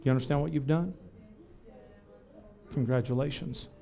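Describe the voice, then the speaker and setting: A man, pastoring a revival service, preaching fervently and then dropping to soft personal asides during altar prayer. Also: mid-range voice, moderate pace, creaky. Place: church sanctuary.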